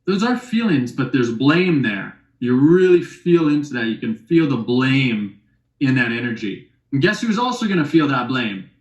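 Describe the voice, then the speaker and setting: A man's voice: mid-range voice, very animated, normal speed, a little mellow, muffled recording. Man teaching a workshop in an echoey room. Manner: conversational, teasing rhetorical questions. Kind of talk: relationship workshop talk.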